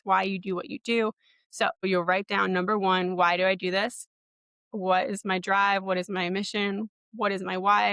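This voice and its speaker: A woman's voice: medium pitch, bright, forceful tone, no room sound. A young adult woman hosting a webinar, teaching in a casual, encouraging way with many fillers. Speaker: podcast host and marketing coach.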